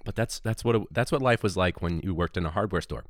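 Man, podcast host, low voice, rambling story, dry close mic. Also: fast, dry recording. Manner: animated, rambling, laughs, sudden incredulous high outbursts. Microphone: podcast microphone.

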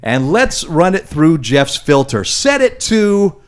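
A man's voice: on the high side, big pitch swings, slow pace, clean tone. A man hosting a podcast, introducing segments and reading news playfully. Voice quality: playful, announcer-like segment reads. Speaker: podcast host.

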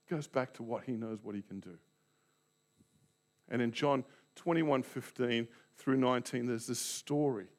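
Male Baptist pastor, lively dramatic storytelling sermon. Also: medium pitch. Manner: dramatic storytelling preacher, acts out scenes.

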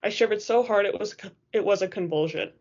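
A woman's voice: mid-range voice, quick pace, a little mellow. Woman reading a novel aloud, lo-fi. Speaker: audiobook reader. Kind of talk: first-person novel narration.

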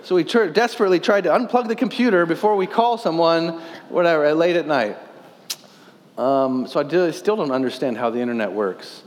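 A man's voice: fairly high pitch, animated, fairly quick, in a large hall. A man in his thirties, a pastor, preaching a sermon earnestly, posing questions and reading scripture aloud.

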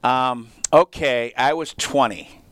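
A man in his sixties, a teacher, telling animated stories in casual chat in a radio studio and laughing often. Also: medium pitch, slow pace, clear, resonant tone. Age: 60s. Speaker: radio show guest teacher. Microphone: studio microphone.

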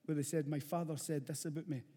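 A middle-aged man from Glasgow with a rough Glaswegian Scottish accent, preaching a sermon bluntly and earnestly, repeating phrases for emphasis. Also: a little high, steady tone, fast, dark tone. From Scotland, Glasgow. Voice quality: rough-edged. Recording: long hall reverb.

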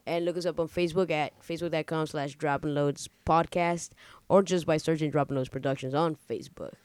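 A man co-hosting a podcast, running through the show's links in a brisk, upbeat way. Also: on the high side, steady tone, clean tone, no echo. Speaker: podcast co-host. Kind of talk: casual chat, show plugs.

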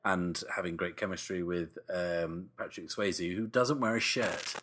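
A man co-hosting a casual film podcast, chatty and quick to laugh. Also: low voice, fairly even intonation, fairly bright tone, a little hiss or hum. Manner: chatty, laughs often, trails off. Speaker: podcast co-host.

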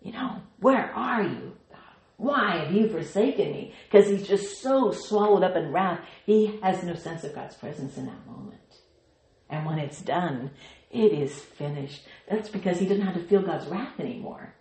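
A woman's voice: lowish voice, expressive, moderate pace, mellow. A woman teaching a Bible study in a playful way, with laughing asides and her own sound effects. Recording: echoey room.

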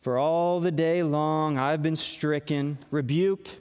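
A man putting on a gloomy, self-pitying old male donkey with a low, mopey drone while quoting scripture. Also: fairly even intonation, takes it slowly, a little mellow, clear, resonant tone, long reverb tail. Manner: mopey, droning.

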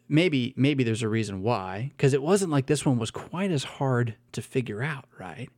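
A man's voice: medium pitch, moderate pace, no room sound, studio quality. A man giving a conversational Bible teaching who reads passages dramatically and often checks in with "right?". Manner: animated, asks "right?" often, repeats words as he thinks.

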